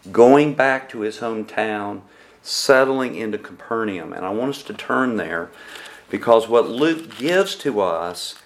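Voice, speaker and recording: A male pastor delivers a sermon at a very slow, measured pace in a mid-range voice. He pauses often and keeps putting rhetorical questions to his congregation. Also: mid-range voice.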